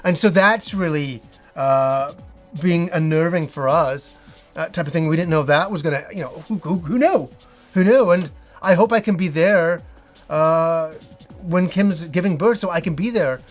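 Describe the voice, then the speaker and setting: A middle-aged man with a fairly high voice speaks casually to his viewers, short of breath and stumbling through restarts and fillers. Faint music plays behind him. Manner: halting, with frequent restarts and fillers. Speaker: gaming channel host. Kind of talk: casual personal talk to viewers.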